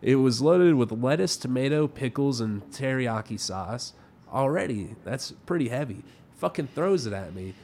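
A young adult man, a podcast co-host, telling a story in casual chat with lively delivery and free swearing. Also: mid-range voice, normal speed. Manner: animated storytelling, swears freely.

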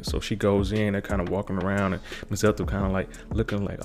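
A man's voice: lowish voice, little pitch movement, quick pace, few pauses. A man recapping a TV episode in a casual, rambling way, repeating himself and saying kinda a lot.

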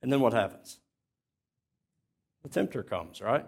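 A man's voice: medium pitch, very animated, unhurried, vocal fry, darkish tone, husky. A man preaching a sermon as pastor, plainspoken and conversational, often restarting his sentences.

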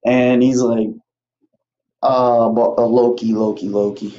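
A man's voice: mid-range voice, fairly even intonation, slow pace, long pauses, dark tone, slight background noise. A young man casually retelling a movie plot on his podcast, rambling, swearing freely and acting out the characters' lines. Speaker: podcast host. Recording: muffled, roomy home recording.

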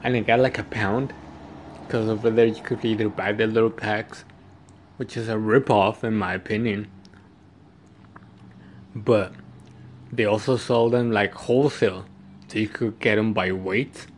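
A man's voice: fairly low pitch, fairly even intonation, unhurried, pauses often, slight background noise. A young man telling a story casually, rambling, laughing often and swearing, while snacking. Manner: eating while talking. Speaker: vlogger.

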